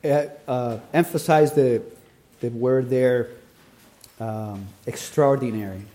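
A man's voice: medium pitch, takes it slowly, dark tone, slight background noise. A man preaching a sermon in an earnest, emphatic way, building his points through repeated phrases.

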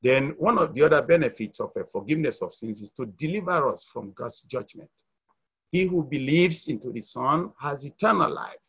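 A middle-aged man from Nigeria gives a heartfelt church testimony in a mid-range voice. He hesitates and restarts often, swinging between loud emphasis and quiet asides. The recording sounds dull and lo-fi. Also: medium pitch, vocal fry, breathy edge. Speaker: church member giving a testimony. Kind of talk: testimony sharing at a church meeting.

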